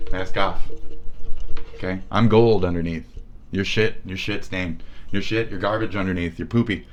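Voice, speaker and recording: Low voiced guy ranting on stream, sarcastic, swears constantly. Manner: profane, sarcastic and mocking. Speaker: live streamer.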